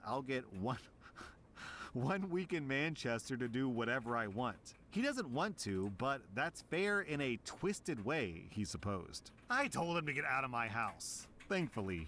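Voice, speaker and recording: A man streamer reading a story aloud and reacting, amused and animated. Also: medium pitch, slight background noise. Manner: amused, breaks into laughter.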